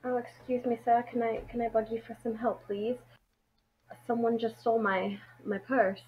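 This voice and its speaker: A woman's voice: fairly high pitch, little pitch movement, moderate pace, slightly rough, highs cut off. A woman voicing a ninja woman who poses as a frightened lady, pleading breathlessly for help in a tabletop game. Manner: pleading, breathless, eager to please.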